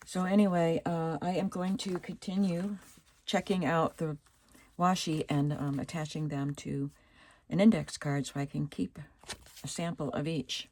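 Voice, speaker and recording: A woman vlogging casually about her craft supplies, thinking aloud and admiring each item, her voice still rough from the morning. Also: low-pitched. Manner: slow and chatty, softly admiring, thinking aloud. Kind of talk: casual show-and-tell vlog.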